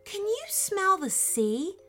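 A woman voicing a kind, sensible young girl in a storybook, gentle and soothing. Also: very high-pitched, big pitch swings, slow, soft background music, voice pushed up, full character voice.

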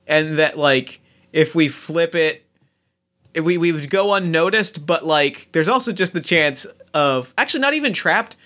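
A man's voice: fairly high pitch, animated, unhurried, fairly bright tone. A man playing a tabletop game, thinking aloud and restarting as he describes his moves. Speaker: player.

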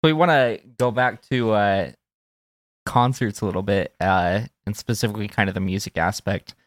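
A low-voiced man hosts the podcast and asks the band hesitant questions full of fillers. The sound is dry. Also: normal speed, dry recording. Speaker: podcast host. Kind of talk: interview questions.

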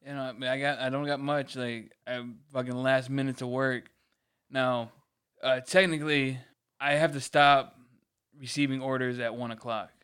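Man ranting about work, smooth voice. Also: medium pitch, level tone, normal speed, fairly bright tone. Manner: ranting, repeats words, acts out quoted customers. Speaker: podcast co-host. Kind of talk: casual chat.

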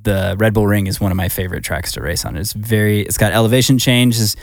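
Low-voiced guy on a racing podcast, chatty, laughs a lot, dry close mic. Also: fairly even intonation, fast, vocal fry, no room sound. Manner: laughs often, explains racing details. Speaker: podcast co-host. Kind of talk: casual chat.

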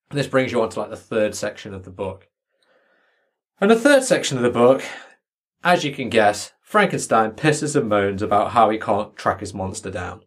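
A man's voice: lowish voice, very animated, normal speed. A man in casual podcast chat, mocking a book with sweary sarcasm.

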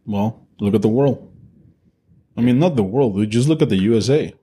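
Low husky dude on a podcast, blunt, swears a lot, very opinionated. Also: male voice, animated, moderate pace, dark tone. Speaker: podcast co-host. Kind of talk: casual chat.

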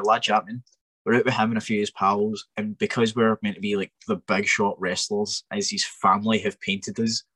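A young Scottish man, a wrestler guest on a podcast, telling an animated story in an exasperated, ranting way with many restarts. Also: on the low side, husky, no echo.

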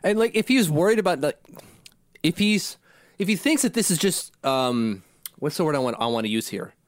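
A man's voice: on the high side, expressive, moderate pace, no echo, clean studio sound. A man co-hosting a casual sports podcast, rambling and poking fun at himself as he talks. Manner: rambling and self-deprecating, laughs at himself. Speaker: podcast co-host.

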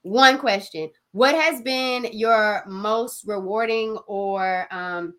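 A woman hosting a podcast, interviewing her guest in a relaxed, affirming, slangy way. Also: mid-range voice, takes it slowly. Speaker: podcast host.

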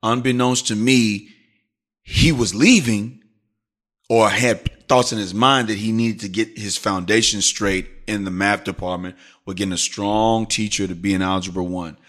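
Middle aged guy, low voice, casual podcast chat, tells a school story and does coworkers' lines. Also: fairly even intonation, unhurried, a bit bright. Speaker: podcast host, teacher.

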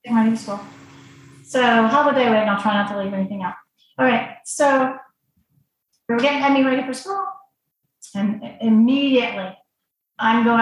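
A woman guest on a podcast telling her personal story in an animated, emotional way, with frequent restarts. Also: on the high side. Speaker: guest, former client. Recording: strong room echo.

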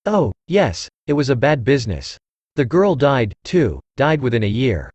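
A synthesized male voice reading the part of a gruff, blustering old aristocratic uncle who grumbles bluntly. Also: medium pitch, big pitch swings, normal speed, darkish tone, dry recording, muffled recording. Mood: grumbling. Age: older.

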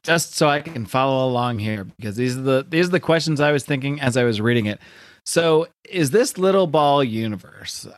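A man's voice: medium pitch, expressive, normal speed, no echo, studio quality. A man chatting casually, chiming in with wry comments. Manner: wry interjections. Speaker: podcast co-host. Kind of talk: casual chat.

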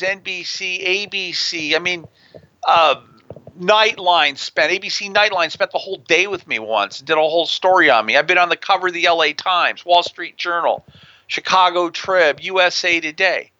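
A man's voice: high voice, normal speed, pushed and bright, dry recording, dull audio. A man in an interview telling stories in a brash way and swearing freely. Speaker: guest, prison consultant. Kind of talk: profane storytelling in an interview. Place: near a big city on the US West Coast.

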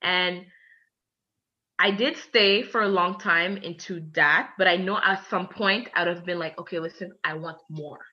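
A young woman from Canada shares personal stories as a podcast guest, animated and chatty. She acts out both sides of each exchange. Her voice is bright and forward, and the recording sounds a little muffled and lo-fi. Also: lowish voice, measured pace. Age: 20s. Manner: lively, acts out both sides of conversations, laughs mid-story. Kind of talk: casual storytelling.

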